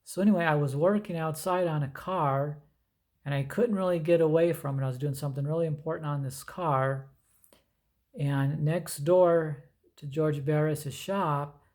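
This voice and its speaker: A middle-aged man chatting casually as he shows his comic book collection, rambling with lots of fillers. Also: on the high side. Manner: rambling, relaxed storytelling with many fillers. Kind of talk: casual show-and-tell chat.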